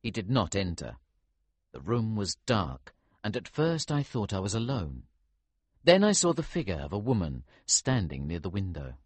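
A man with a low, husky voice narrates a storybook in the first person. His delivery is lively, rising and falling widely. The sound is dry and close to the mic. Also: moderate pace, no room sound. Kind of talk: storybook reading.

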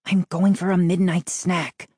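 A woman's voice: fairly low pitch, little pitch movement, unhurried, a little mellow, husky, no echo, clean studio sound, pitched above the performer's own voice. A woman voicing an anxious, kind young boy who talks in urgent whispers.

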